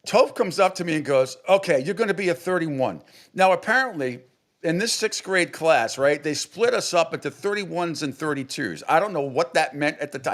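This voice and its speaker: A slightly high, somewhat bright voice belongs to a middle-aged New England sports radio host telling a loose, casual story. He restarts many times and voices the quotes as if acting them.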